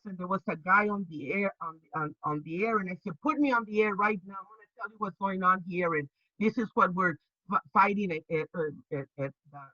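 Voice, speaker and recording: An older woman, a labor organizer, telling her stories in an interview with lively energy, stumbling and restarting often and acting out the voices she quotes. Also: medium pitch, no echo, muffled recording. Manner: animated, halting with many restarts, acts out quoted voices. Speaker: labor organizer and activist guest. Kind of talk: storytelling interview.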